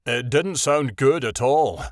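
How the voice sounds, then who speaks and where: A man's voice: mid-range voice, expressive, slow, dry recording, clean studio sound. A man voicing a cautious, worried young wolf in a fantasy audiobook. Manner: urgent and worried.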